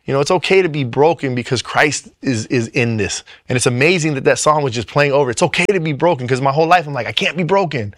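A man in ministry telling his personal faith testimony in an earnest, emotional way, often halting and restarting his sentences. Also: mid-range voice, no echo, studio quality. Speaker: ministry worker sharing testimony.

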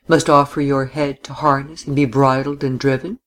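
Storybook role: proud young woman, cold and ironic, read by the narrator, mid-pitched. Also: flat delivery, moderate pace, fairly bright tone, natural voice. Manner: contemptuous, then grave and weary. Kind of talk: audiobook reading.

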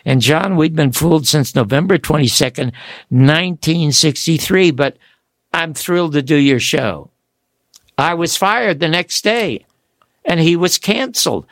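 An older man, a book author, telling animated stories as a guest on a radio talk show, acting out the voices of the people he quotes. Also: a little high, a little slow, no room sound.

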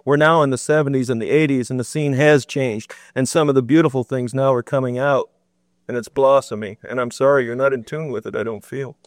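Smooth-voiced man making an earnest point. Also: medium pitch, fairly even intonation, brisk, no echo, clean studio sound. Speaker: audience member. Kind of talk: public debate comment.

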